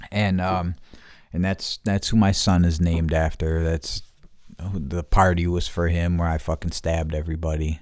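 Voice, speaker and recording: Very deep-voiced man rambling outdoors. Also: vocal fry, warm tone, dry recording, studio quality. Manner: rambling, heavy swearing, loses his train of thought. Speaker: podcast host. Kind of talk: casual solo podcast monologue.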